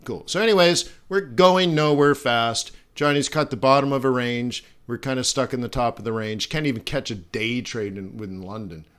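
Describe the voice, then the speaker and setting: A middle-aged man hosts a live forex trading stream, his medium-pitched voice clean and a little bright. He talks at a moderate pace with barely a pause, chatting casually and rambling through asides, fillers, and restarts.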